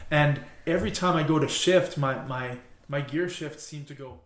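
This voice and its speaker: A man's voice: on the high side, moderate pace. Wry man telling a story, echoey room. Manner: wry, joking asides, swears freely. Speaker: podcast co-host. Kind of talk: casual storytelling chat.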